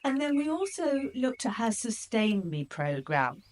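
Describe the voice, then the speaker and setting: A woman hosting a podcast, telling a story to her listeners in an excitable, chatty way with plenty of fillers. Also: fairly high pitch, a little slow. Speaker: podcast host.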